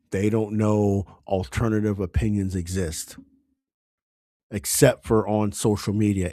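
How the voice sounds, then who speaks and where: A man's voice: on the low side, warm tone, no echo, clean studio sound. A man giving an impassioned political monologue as a commentator, exhorting listeners with fervent, urgent appeals.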